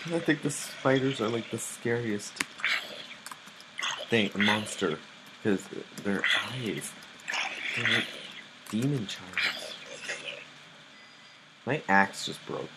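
A young man talks himself through a game, jumpy and easily startled. His voice sits low and his pace is slow and drawn out. A steady hiss of noise runs under the home recording. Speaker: gamer playing live. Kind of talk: live gameplay commentary.

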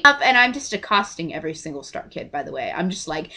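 A young woman from Texas telling an excited story to her camera, gushing and acting out everyone's lines. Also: mid-range voice, fast, few pauses. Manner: gushing, breathless, acts out quoted voices. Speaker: vlogger.

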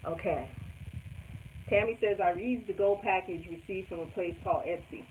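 A woman's voice: on the low side, moderate pace. A woman hosting a casual live stream, reading viewers' comments aloud and laughing often. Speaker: quilting channel host. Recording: tinny phone-like sound with loud background noise.

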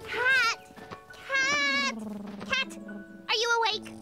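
A woman's voice: very high-pitched, steady tone, very slow, over loud music, full character voice. A woman voicing Duck, a fussy, easily flustered female cartoon duck who frets dramatically. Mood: worried. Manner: dramatic, fretful.

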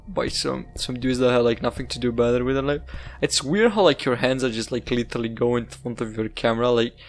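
A man's voice: mid-range voice, vocal fry. A young man, a gaming YouTuber giving rambling, swearing let's-play commentary while he plays. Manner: rambling, swearing, laughing at the game.

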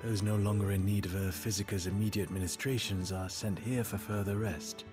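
An actor playing a kind, weary male caretaker of the sick in a video game, gentle and grateful. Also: on the low side, steady tone, fairly quick, lightly acted. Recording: game audio with music behind.

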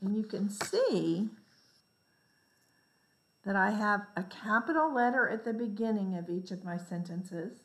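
A woman teacher giving a lesson to young children, reading example sentences slowly with exaggerated expression. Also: medium pitch, expressive, roomy sound, low-quality recording. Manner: slow, clear, exaggerated reading for young kids.

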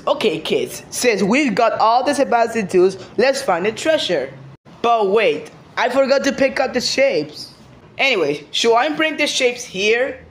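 A woman hosting a homemade kids' show, talking excitedly straight to the children watching. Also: a little high. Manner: excited, talks straight to the kids.

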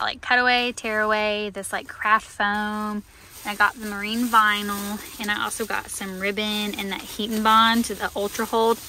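A woman's voice: medium pitch, bright, forceful tone, rough recording. A young woman chatting casually in a vlog about her small craft business, upbeat and full of fillers. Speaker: small business owner vlogging. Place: home craft studio and a fabric store.

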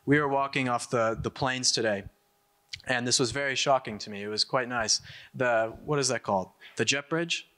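A young American man gives an emphatic political speech to a conference audience, repeating words as he builds his points and throwing in quick asides. His medium-pitched voice sounds pushed and bright.

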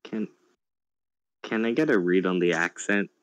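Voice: sits low, measured pace, no room sound, muffled recording. A player in a tabletop role-playing game, talking in a playful, hesitant way.

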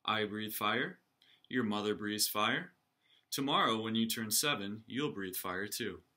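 A man voicing a proud, stern father dragon in a storybook reading, firm and booming. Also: expressive, measured pace, sharp tone. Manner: firm, booming when insisting.

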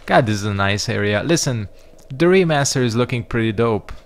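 A man's voice: medium pitch, animated, fairly quick. A man giving casual let's-play commentary, rambling and reacting to the game with frequent swearing. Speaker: gaming YouTuber.

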